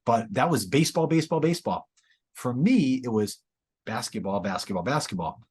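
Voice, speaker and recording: A man's voice: medium pitch, lively intonation, a little fast, a little mellow, breathy edge. A man in his forties, a teacher and author, speaking as an enthusiastic, encouraging podcast guest. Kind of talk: casual interview chat.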